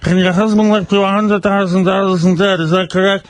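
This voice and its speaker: A man's voice: high-pitched, fairly even intonation, fairly quick, close to an everyday voice. A man voicing an old male radio finance advice host, drawling and calling callers darling in a comedy impression. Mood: unctuous.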